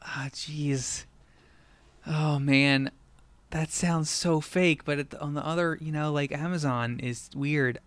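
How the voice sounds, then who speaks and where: A woman guest on a podcast, thinking aloud and making quick, offhand guesses in a trivia quiz. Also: sits low, fairly even intonation, no echo. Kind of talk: casual chat, guessing in a quiz.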